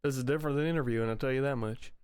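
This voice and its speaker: A man casually playing a tabletop game, speaking in a slow, laid-back way. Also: mid-range voice, darkish tone, clear, resonant tone. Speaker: player. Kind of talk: casual chat.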